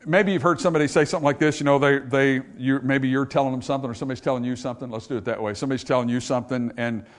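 A man preaching a sermon, swinging between loud emphatic bursts and quiet, conversational asides. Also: mid-range voice, steady tone, rapid-fire, few pauses. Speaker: pastor.

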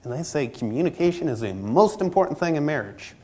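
A man's voice: fairly high pitch, big pitch swings, fairly quick, warm tone, breathy edge. Man preaching a casual, story-driven sermon. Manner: conversational, acts out dialogue in anecdotes.

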